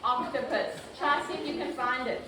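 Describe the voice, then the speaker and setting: A woman's voice: sits high, normal speed. A woman teaching a classroom lesson, patiently prompting pupils by name. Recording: echoey classroom from far off, noisy.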